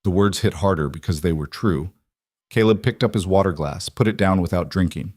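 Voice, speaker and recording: A man reading a scripted dramatic story in a steady, even narrating manner. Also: low-pitched, a little fast, no echo, studio quality.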